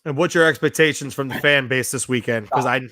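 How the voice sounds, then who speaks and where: A man hosting a sports radio show, hoarse and losing his voice, rallying fans with hype and energy. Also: mid-range voice, fairly quick, bright, forceful tone, no room sound. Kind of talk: excited sports radio talk.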